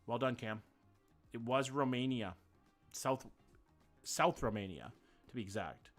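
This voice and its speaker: A man's voice: mid-range voice, unhurried, soft background music. Chatty male streamer thinking aloud. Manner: chatty, thinks aloud, swears, greets viewers. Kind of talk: casual live-stream chat while playing.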